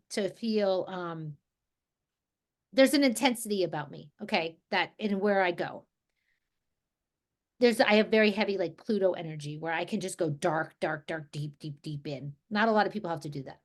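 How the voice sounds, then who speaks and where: Relaxed woman leading a group call. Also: medium pitch. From New Jersey, USA. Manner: relaxed, rambling, with frequent restarts. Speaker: energy healing group facilitator. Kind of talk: casual guided group talk. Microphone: video call.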